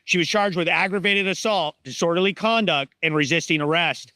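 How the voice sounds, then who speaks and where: A man hosting a news show, reading scripted news narration in a plain, measured way. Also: high voice, sharp tone, slight background noise.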